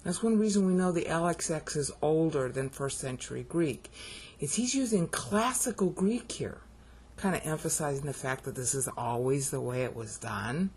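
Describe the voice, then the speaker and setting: A woman on her video channel casually explaining word meanings, often pausing to check in with the viewer. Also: low-pitched, lively intonation, a little mellow, breathy edge. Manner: explanatory, keeps checking in with "okay?". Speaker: YouTuber explaining Bible Greek. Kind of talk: casual teaching monologue.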